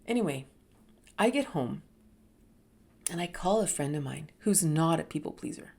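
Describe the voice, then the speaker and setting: A middle-aged woman telling a personal story, animated and dropping to whispers for emphasis. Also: low-pitched, moderate pace, gravelly, breathy edge. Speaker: host.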